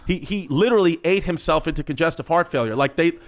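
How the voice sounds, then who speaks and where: A man telling profane, animated comic stories on a podcast, often breaking into laughter. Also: fairly high pitch, quick pace. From New York. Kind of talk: podcast storytelling.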